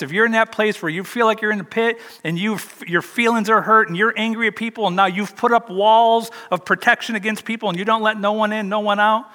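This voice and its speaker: A man's voice: high-pitched, sharp tone, big-room sound. An older man preaching a sermon, telling a personal story in a chatty, self-deprecating way. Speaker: pastor.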